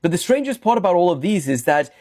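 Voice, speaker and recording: A man's voice: high-pitched, very animated, quick pace, a little mellow. A man presenting breaking-news commentary, going through a set of images one by one.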